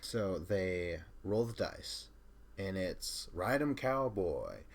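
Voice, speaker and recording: A man's voice: sits low, lively intonation, slow. A man hosting a podcast, chatting casually through a recap, often laughing and retelling scenes with quoted lines. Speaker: podcast host.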